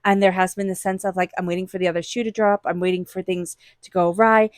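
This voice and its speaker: A woman's voice: lowish voice, flat delivery, fast talker, no echo, clean studio sound. Earnest woman giving a tarot reading. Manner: earnest, encouraging, speaks directly to listener. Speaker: tarot reader.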